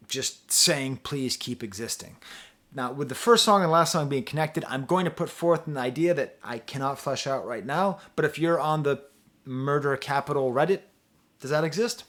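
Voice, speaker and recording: Rambling, animated man reviewing an album. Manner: rambling, self-interrupting, with asides to the viewer; animated, pitch and loudness swing widely. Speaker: music reviewer, channel host. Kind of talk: casual spoken album review.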